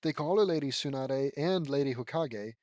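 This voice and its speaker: A man's voice: mid-range voice, lively intonation, moderate pace, a little mellow, dry recording. A man reading fan fiction aloud and sarcastically mocking it as he goes. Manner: sarcastic, laughs at the text. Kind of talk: mocking read-aloud with commentary.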